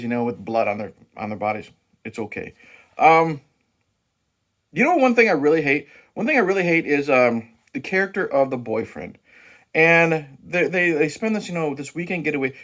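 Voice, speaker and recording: A man's voice: a little high, fairly bright tone. A man hosting his own movie review channel, talking casually and profanely with frequent restarts and fillers.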